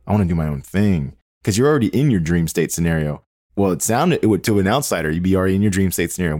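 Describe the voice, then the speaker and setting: A man's voice: deep voice, a little mellow, no echo, studio quality. A man hosting a podcast interview, asking long, rambling questions that he rephrases as he goes. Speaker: podcast host.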